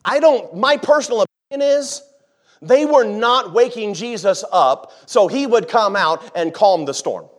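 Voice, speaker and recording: A man preaching a sermon, who jokes with the congregation and acts out scenes, swinging from hushed asides to shouting. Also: high voice, lively intonation, unhurried. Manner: dramatic, acts out the disciples' panic, swings from quiet to shouting. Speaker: pastor.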